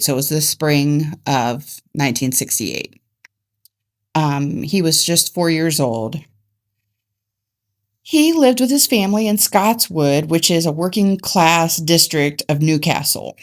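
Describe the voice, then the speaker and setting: Low-voiced American woman telling a case. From Ohio, United States. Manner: laughs at her own mix-ups, then reads the case notes plainly. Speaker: podcast co-host. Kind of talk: casual true crime chat.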